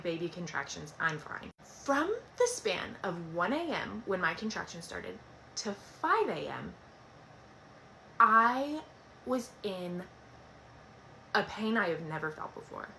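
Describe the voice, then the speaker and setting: Young woman doing a storytime, super animated, bright punchy voice, bit of background hiss. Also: mid-range voice, normal speed. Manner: animated, dramatic, swears casually. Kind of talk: casual storytime.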